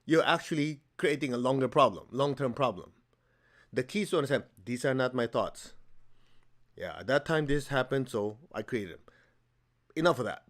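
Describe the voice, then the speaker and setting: Guy teaching spiritual healing, lively, acts out bits of dialogue, laughs a lot, middle pitch. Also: moderate pace.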